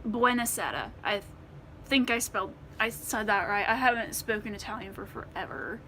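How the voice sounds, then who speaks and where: A woman's voice: mid-range voice, steady tone, brisk, sharp tone, slight background noise. An American woman chatting casually to the camera in a Q&A vlog, rambling with many ums and restarts. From United States. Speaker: vlogger.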